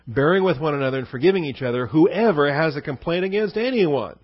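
A man's voice: fairly high pitch, lively intonation, a little fast, few pauses, dry recording, dull audio. A male pastor giving a conversational verse-by-verse sermon, asking his listeners questions and answering them himself, with many fillers.

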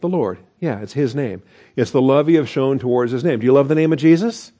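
Male pastor, conversational sermon, mellow dark voice, chuckles between points. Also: medium pitch, a little fast. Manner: conversational preaching with asides and chuckles.

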